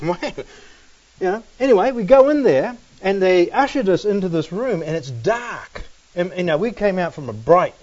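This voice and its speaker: Through a dull, distant recording, a man with a high but darkish voice preaches, telling stories in a relaxed way and repeatedly saying "man" and "you know."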